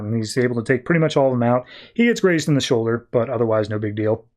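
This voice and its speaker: A man on a podcast casually recapping a comic book plot, rambling with lots of fillers and quick offhand quotes. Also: medium pitch, a little mellow.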